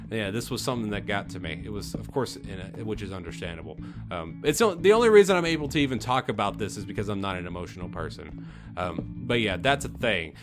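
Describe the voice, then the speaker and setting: Young man, let's play host, casual gameplay chat, rambling and earnest, clear music underneath. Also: fairly low pitch. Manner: rambling, earnest, lots of restarts and fillers. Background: background music.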